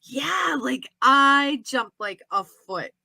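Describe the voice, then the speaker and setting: A woman co-hosting a casual podcast chat, animated and laughing often, acting out what characters say. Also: high-pitched, slow pace, gravelly, crowd noise. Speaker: podcast co-host.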